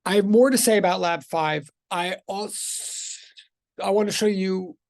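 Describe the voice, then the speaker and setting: Rambling male physics teacher on a video call, gravelly, dry close sound. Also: high-pitched, unhurried, no room sound. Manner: rambling, self-interrupting, chatty. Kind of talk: casual online class intro.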